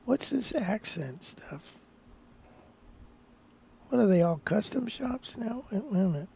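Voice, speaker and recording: A man's voice: sits high, animated, measured pace, vocal fry, warm tone, a little hiss or hum. A man hosting a live guitar stream, rambling casually and thinking aloud with restarts.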